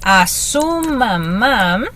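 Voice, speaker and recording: A Spanish teacher gives a one-on-one language lesson, patiently and cheerfully guiding a student through grammar step by step with plenty of encouragement. Her mid-range voice is animated and fairly bright, with drawn-out words and a slight hiss or hum underneath.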